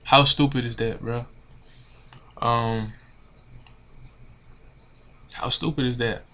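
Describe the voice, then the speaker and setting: A man's voice: mid-range voice, fairly even intonation, slow pace, bright, forceful tone. A man ranting casually to his camera as a sports fan, exasperated and slangy, repeating himself. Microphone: camera mic.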